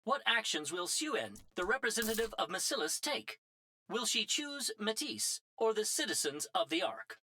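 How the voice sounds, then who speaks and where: An actor voicing a television news reporter with a measured broadcast delivery. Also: medium pitch, big pitch swings, bright, forceful tone, slight background noise. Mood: neutral.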